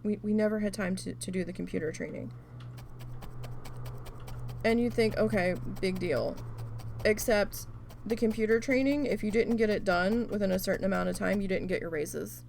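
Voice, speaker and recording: A woman's voice: medium pitch, normal speed, gravelly, a little hiss or hum. A woman telling a story in casual, profane chat, acting out quoted back-and-forth while she works on a craft. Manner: animated, profane venting with quoted dialogue. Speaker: craft video host.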